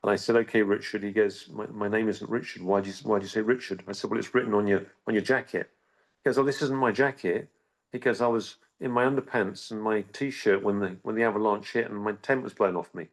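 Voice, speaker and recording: Man, middle-aged, lowish voice; earnest interview guest, halting storyteller. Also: fairly even intonation. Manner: halting, with frequent restarts and repeated words. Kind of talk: recounting a personal story.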